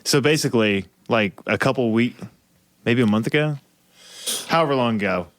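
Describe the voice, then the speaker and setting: A man's voice: medium pitch, normal speed. A man in casual chat, starting a story with dry, joking remarks.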